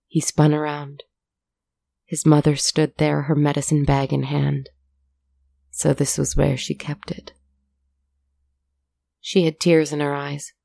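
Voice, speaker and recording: Female narrator, low, flat and gravelly, measured dramatic storytelling. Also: no echo.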